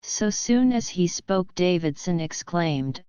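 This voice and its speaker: A woman's voice: fairly low pitch, expressive, slow, dark tone, clear, resonant tone, dry recording. A woman narrating a classic short story as an audiobook, reading the dialogue with light changes of voice. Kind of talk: scripted narration.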